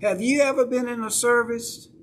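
A man's voice: very high-pitched, fairly even intonation, normal speed, a little hiss or hum. A male pastor with a Southern accent preaching a sermon in a church, talking conversationally and checking in with the congregation. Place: church sanctuary.

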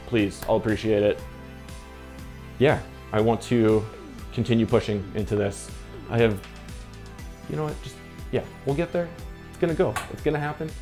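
Rambling low-voiced man reviewing film. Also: a little mellow. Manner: rambling, self-interrupting, jittery from coffee. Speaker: film photography vlogger.

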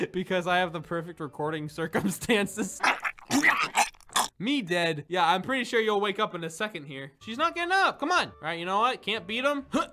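A man's voice: sits high, lively intonation, moderate pace. A young man giving playful, silly gameplay commentary, joking and chatting with his viewers. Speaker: gaming video creator.

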